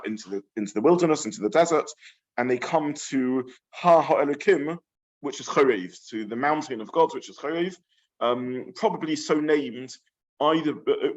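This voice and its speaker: A man, a rabbi teaching a weekly Torah class to a live group in a study room, talking thoughtfully and haltingly with many fillers and restarts. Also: mid-range voice. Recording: slightly dull lo-fi room recording.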